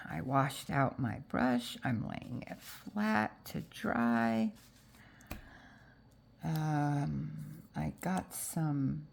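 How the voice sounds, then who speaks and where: A woman's voice: sits low, gravelly, darkish tone. A woman with a stuffy, congested voice from allergies, chatting casually through a crafting tutorial with frequent fillers. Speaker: junk journal crafter.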